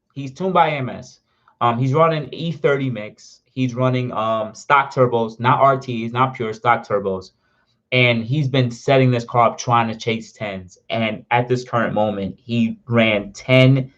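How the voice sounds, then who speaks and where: A man hosting a casual car livestream, reading chat and answering questions in an excitable, rambling way. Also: medium pitch, lo-fi sound. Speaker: car channel host answering live chat.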